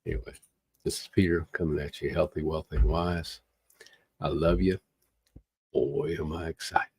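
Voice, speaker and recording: A man with a very deep, dark and mellow voice delivers an earnest, preachy monologue straight to his livestream viewers. He piles up repeated phrases for emphasis. The sound is dry and close, with no room around it. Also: little pitch movement, moderate pace, creaky, husky, dry recording. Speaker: livestream host. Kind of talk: impassioned motivational monologue.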